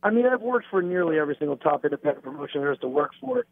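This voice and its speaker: A man's voice: on the high side, expressive, racing, dry recording. Cocky man on a tinny phone line. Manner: arrogant, brash, taunting. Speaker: wrestler being interviewed. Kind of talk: phone interview in heel character.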